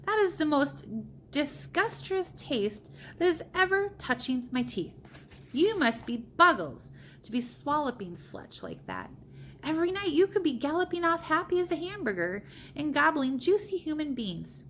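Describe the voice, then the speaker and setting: A woman voicing a huge, greedy man-eating male giant who roars and bellows slowly. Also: high-pitched, very animated, a bit bright, slight background noise, pitched above the performer's own voice. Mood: roaring. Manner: roaring and bellowing, slow and menacing.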